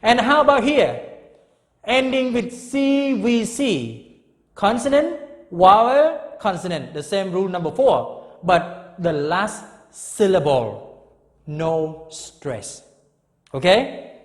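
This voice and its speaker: A high, lively male voice teaches grammar at a deliberate pace, stressing and repeating each point. A long hall reverb trails behind him. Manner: slow, emphatic, repeats key words. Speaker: English teacher. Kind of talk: classroom grammar lesson.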